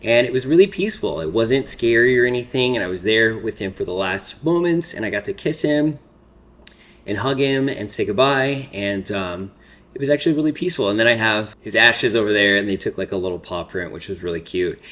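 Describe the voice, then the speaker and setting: Male makeup vlogger in his 30s, slightly low voice, rambling casual chat, fighting tears. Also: expressive, brisk, fairly bright tone. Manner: rambling, filler-heavy storytelling. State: holding back tears. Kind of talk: casual get-ready-with-me chat.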